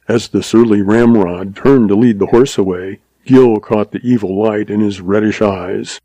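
Low, mellow-voiced male narrator. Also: no room sound, low-quality recording. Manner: steady, measured storytelling. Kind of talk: audiobook narration of a western.

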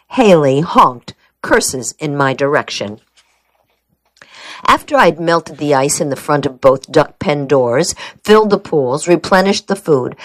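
Low-voiced woman reading a wry memoir. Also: no room sound. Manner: wry, dry storytelling. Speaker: audiobook narrator. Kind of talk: first-person memoir narration.

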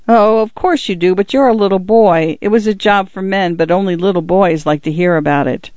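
A proud old pioneer grandfather, read by a man, speaking gently and wistfully, his voice a touch high for a man. The audiobook recording is dull and dry. Every line comes out slow and quiet. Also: no echo, close to an everyday voice. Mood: kindly. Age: older.

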